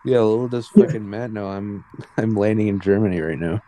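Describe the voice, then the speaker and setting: A man's voice: on the low side, brisk, warm tone. A man joking around with friends during a game, teasing and crude with goofy asides. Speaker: gaming friend. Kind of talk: casual gaming banter.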